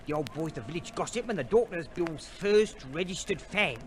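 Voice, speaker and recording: An actor playing a brash young fixer in an old radio play, cheeky and fast-talking with plenty of slang. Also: male voice, fairly high pitch, lively intonation, a little hiss or hum, natural voice. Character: brash young Cockney fixer, bossy and breezy. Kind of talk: 1950s radio play acting.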